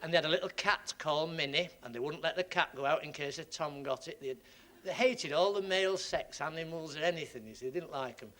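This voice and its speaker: A comedian tells jokes in a bright, lively voice, his pitch sitting a little high. He meanders through the story and chuckles along, with a studio audience faintly heard. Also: quick pace. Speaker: stand-up comedian. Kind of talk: stand-up joke telling.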